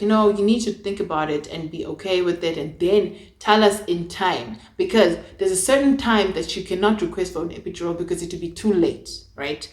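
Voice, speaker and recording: Animated young woman vlogger, echoey room. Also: lowish voice. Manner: animated, acts out her own past lines, shifts between hushed and loud. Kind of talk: storytelling to camera.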